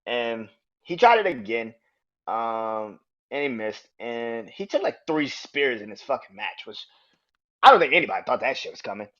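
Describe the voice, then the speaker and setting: Profane, animated man reviewing wrestling. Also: medium pitch, moderate pace. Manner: animated, profane, acts out quotes in raised voices. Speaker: podcast host. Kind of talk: casual match review. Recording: dull lo-fi audio.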